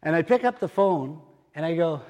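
An older man preaching a sermon as pastor, telling stories in an animated way that rises to excited exclamations, in a church hall. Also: fairly high pitch, normal speed. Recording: long hall reverb.

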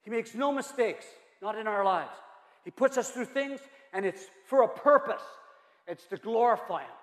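A man's voice: sits high, fairly bright tone. A male pastor preaching a sermon, emphatic and repetitive, asking the room rhetorical questions. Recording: roomy hall reverb.

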